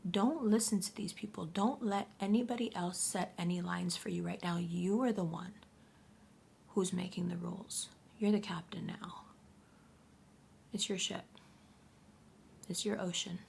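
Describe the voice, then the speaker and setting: A woman giving a casual astrology reading to camera, blunt and profane, often talking in a soft half-whisper. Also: lowish voice, fairly even intonation, unhurried, gravelly, pauses often, a little hiss or hum. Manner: blunt and profane, addressing the viewer directly. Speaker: astrology reader.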